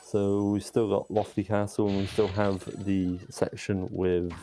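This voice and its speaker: A man's voice: sits low, flat delivery, a little slow, dark tone, a little hiss or hum. A man explaining his own speedrun live in a matter-of-fact, explanatory way.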